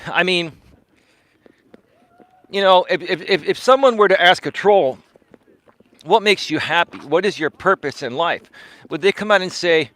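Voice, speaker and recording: Walking outdoors during a live stream, a man coaches and speaks straight to his viewers in a casual monologue. His slightly high, a bit bright voice comes across dry and close, expressive and measured, with long pauses. He's emphatic, repeats words, keeps ending lines with "right?", and laughs often.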